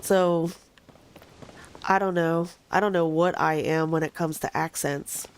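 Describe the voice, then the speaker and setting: A woman's voice: deep voice, fairly even intonation, unhurried, smooth. Chatty woman with a Philly-Jersey accent. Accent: Philadelphia and South Jersey. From Philadelphia, then southern New Jersey. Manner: chatty, thinks out loud, rambling asides. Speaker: streamer playing a video game. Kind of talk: casual gameplay commentary.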